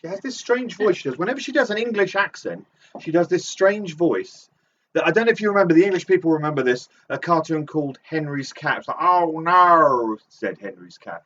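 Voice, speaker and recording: A man's voice: on the high side, animated, fast talker. A man co-hosting a live online bingo game, playfully riffing on each called item in casual banter. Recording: muffled, distant mic.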